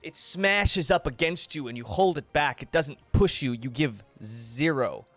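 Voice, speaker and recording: A man's voice: on the high side, lively intonation, measured pace, fairly bright tone, dry recording, soft background music. A man narrating a tabletop game as game master, describing scenes with many restarts and repeated words.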